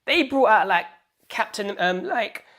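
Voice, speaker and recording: A British woman hosting a casual film review vlog, excitable and rambling, with lots of fillers and restarts. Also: medium pitch, a little slow. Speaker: YouTube host.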